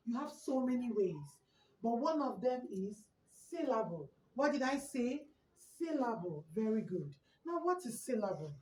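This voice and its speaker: A woman teacher with a Nigerian English accent giving a short lesson, speaking slowly and repeating key words for her class. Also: on the high side, a little mellow, slight background noise. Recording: echoey room, far from the mic.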